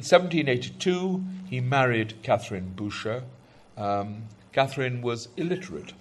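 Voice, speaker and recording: A man's voice: lowish voice, husky. A man talking through historical background before poems are read, with frequent ums and restarts. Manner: hesitant, many ums and restarts. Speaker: speaker introducing poems. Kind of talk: conversational talk.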